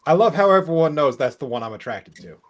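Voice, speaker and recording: A man's voice: fairly high pitch, animated, quick pace. Teasing guy in a loose group chat, voice jumps up and down a lot. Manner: playful, teasing. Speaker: podcast co-host.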